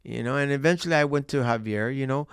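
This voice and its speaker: A man's voice: medium pitch, quick pace, clean tone, no room sound, clean studio sound. A middle-aged man, a boxing coach, telling stories in a casual interview with lots of fillers. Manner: animated storyteller with many fillers.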